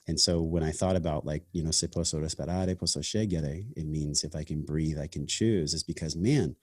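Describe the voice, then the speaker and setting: A man's voice: extremely low pitch, fairly quick, darkish tone, slightly rough, no room sound, studio quality. A man hosting a podcast, speaking in a reflective, earnest and casual way, often saying "man" and "like". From half Sicilian family heritage. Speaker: podcast host. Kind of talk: casual conversation.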